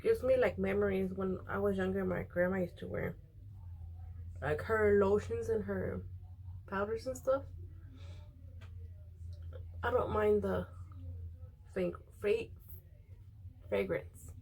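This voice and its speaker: A young woman chats casually while she does her makeup. She rambles with plenty of ums and likes and keeps slipping into quoting other people. Her pitch sits at an ordinary middle height. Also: slow pace, long pauses, darkish tone, husky. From Mexican. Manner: rambling, many fillers, quotes others. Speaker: beauty vlogger.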